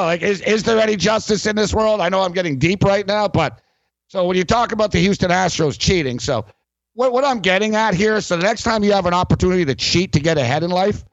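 A man's voice: high voice, dry recording, muffled recording. Sarcastic, rambling sports radio host man. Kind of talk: sports talk radio monologue.

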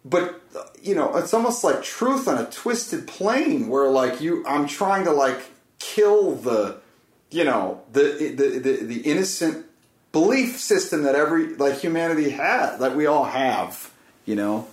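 A man's voice: on the high side, big pitch swings. Earnest rambling man in a roomy space. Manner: earnest, rambling, halting with restarts. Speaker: guest. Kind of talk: casual storytelling chat. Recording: roomy echo.

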